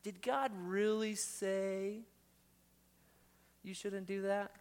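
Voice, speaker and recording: A man putting on the sly voice of deception, asking drawn-out, insinuating questions. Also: high-pitched, flat delivery, clean tone, pitched above the performer's own voice, exaggerated voice. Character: sly doubting voice of deception, whiny, wheedling.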